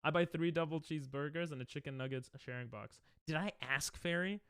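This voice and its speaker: A man's voice: on the high side, fairly quick, a bit bright, smooth, no echo, clean studio sound. A man streaming, reacting to commercials in casual, joking chat with his viewers, often laughing.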